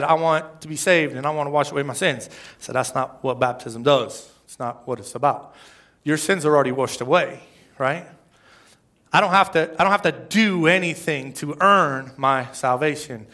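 A man's voice: a little high, a bit bright. A middle-aged man preaching a sermon in a church, in a conversational, self-deprecating way, often checking with his congregation. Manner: conversational, self-deprecating, asks the crowd "right?". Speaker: pastor. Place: church service before a congregation.

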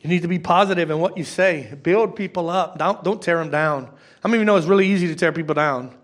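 A man's voice: fairly high pitch, fast talker. A male pastor preaching a sermon in a conversational way, repeating key phrases and asking the congregation direct questions.

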